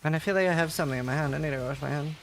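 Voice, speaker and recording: A man streaming a game talks in a slightly high, rapid-fire voice over slight background noise. Chatty and jokey, he reads his viewers' messages aloud and answers them.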